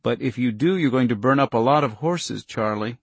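A man reading an audiobook, voicing a hidden agent who speaks softly and calmly with quiet menace. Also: medium pitch, fairly quick, breathy edge, no echo. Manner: soft, calm.

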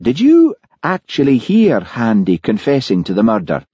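A man voicing a shrewd, patient police constable who coaxes and presses quietly. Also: mid-range voice, wildly swooping pitch, moderate pace, breathy edge, no room sound, highs cut off, voice pushed up. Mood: coaxing.

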